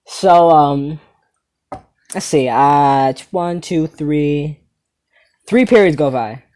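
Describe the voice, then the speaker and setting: A teenage comedy host tells a story in a casual, rambling way, sometimes getting sidetracked. The delivery is animated and loose, with casual swearing. The voice sits at an average pitch. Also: takes it slowly.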